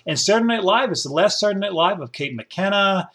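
A man's voice: sits high, animated, fast talker, a bit bright. A middle-aged man, hosting a rambling solo podcast in a folksy, digressive, enthusiastic way. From upstate New York. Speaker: podcast host.

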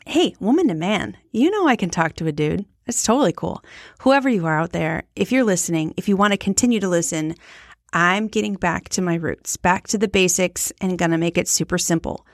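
A woman's voice: on the low side, expressive, brisk, no echo, clean studio sound. A woman in her forties hosting her own podcast, talking frankly and chattily in a rambling, unscripted way. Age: 40s. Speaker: podcast host. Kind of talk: casual solo podcast chat.

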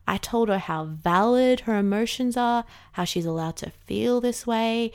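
A woman's voice: on the high side, unhurried, hardly any pauses, smooth. A woman talking casually and candidly about processing emotions, chatty with many fillers and the odd swear word. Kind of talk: casual reflective monologue.

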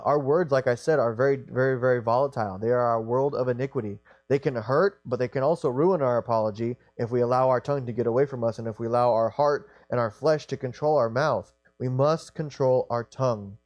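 A young man preaching with earnest conviction, often stumbling and restarting mid-phrase. His voice sits at an everyday middle pitch. The sound is dry and close, with little room around it. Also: darkish tone, no echo. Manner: earnest, halting with repeated restarts. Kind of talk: sermon.

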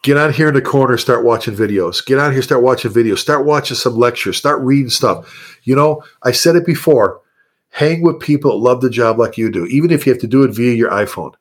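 A fire chief in his element, talking straight to the listener in an animated, repetitive way. This man's voice sits at an ordinary middle pitch. He gives frank advice in a plain, conversational interview manner. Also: fairly quick. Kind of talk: podcast interview talk.

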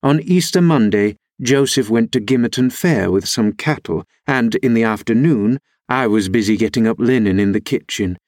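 A man narrating a classic novel as an audiobook reader, in a measured, even storytelling delivery. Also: mid-range voice, no echo, studio quality.

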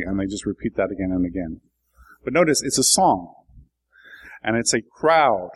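A man preaching a sermon and explaining his text in a reflective teaching manner. His voice sits at an ordinary middle pitch, and he rises into emphatic, lifted stretches before settling back down. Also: expressive, normal speed, pauses often, husky, poor audio. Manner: thoughtful, explanatory, builds to emphatic bursts.

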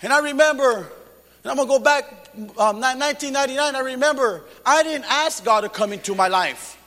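High-pitched male preacher, fervent and shouting, in a reverberant church hall. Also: fairly quick. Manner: fervent, shouting rebukes and calls to the congregation. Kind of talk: Pentecostal sermon testimony.

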